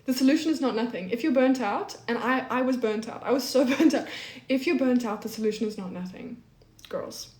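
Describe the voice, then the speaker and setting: A young woman in her twenties hosts a live stream, chatting casually, saying "like" a lot and reading viewers' comments aloud. Her voice is a little high and darkish, and she talks a little fast in an echoey room.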